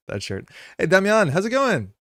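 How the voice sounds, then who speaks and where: A man's voice: huge pitch swings, a bit bright, dry recording, studio quality. A man hosting a live card game stream, chatting casually with viewers in a rambling way, full of fillers and sudden upbeat greetings. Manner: chatty and rambling, with many fillers and quick jumps in pitch when greeting chat.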